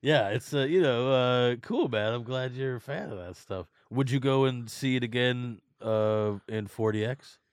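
A man's voice: medium pitch, moderate pace, hardly any pauses, clean tone, no echo, clean studio sound. A man hosting a podcast, chatting casually with guests, joking and swearing freely. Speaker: podcast host. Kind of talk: casual chat.

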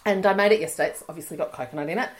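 A woman's voice: fairly low pitch, very fast. A woman, co-hosting a casual chat podcast and telling stories with lots of laughter and acted-out quotes. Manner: chatty storyteller, laughs often, acts out quoted voices. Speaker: podcast co-host.

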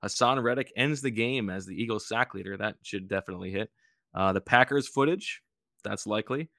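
Low-voiced man hosting a casual podcast. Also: brisk, sharp tone, no echo, clean studio sound. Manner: playful, tells jokes, auctioneer-style calls. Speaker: podcast host running a bidding game. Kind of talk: casual chat.

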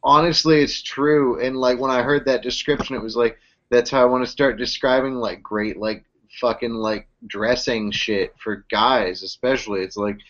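A man's voice: medium pitch, steady tone, moderate pace, fairly bright tone, dull audio. A man co-hosting a podcast in casual chat, throwing in crude jokes. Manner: crude, joking interjections. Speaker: podcast co-host.

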